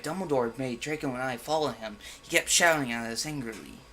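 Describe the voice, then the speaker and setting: A man's voice: mid-range voice, fairly quick, few pauses, pushed and bright. Sarcastic man reading bad fan fiction. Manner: mocking, exasperated outbursts. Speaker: comedic fan fiction reader. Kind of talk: sarcastic dramatic reading with commentary.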